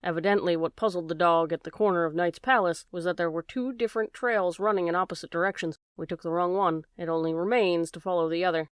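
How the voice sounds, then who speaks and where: A woman narrating a classic novel as an audiobook reader, steady and measured. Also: lowish voice, no room sound, clean studio sound.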